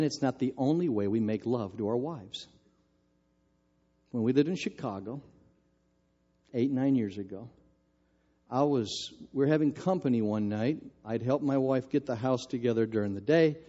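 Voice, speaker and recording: A man's voice: medium pitch, highs cut off. Older man preaching a story-filled sermon. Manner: storytelling, animated, self-mocking.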